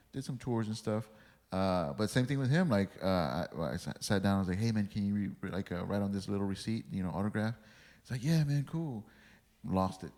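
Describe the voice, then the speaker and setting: A man's voice: sits low, darkish tone, big-room sound. A man guesting on a podcast, telling rambling stories full of swearing and acted-out quotes. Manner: rambling, swears freely, acts out quoted dialogue. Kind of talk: casual storytelling chat.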